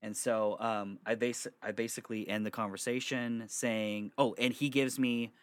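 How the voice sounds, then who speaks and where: A young man in his bedroom telling a story for his vlog, animated and swearing freely. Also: fairly low pitch, normal speed, clean tone, dry recording. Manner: animated, swearing, breaks into laughter. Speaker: vlogger.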